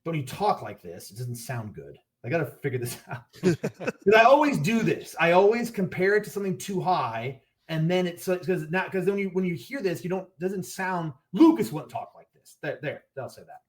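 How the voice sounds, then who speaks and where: A man's voice: fairly high pitch, expressive, fairly quick. A man talking casually as a podcast guest, rambling and restarting as he explains his products and pricing. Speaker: gear brand owner, podcast guest.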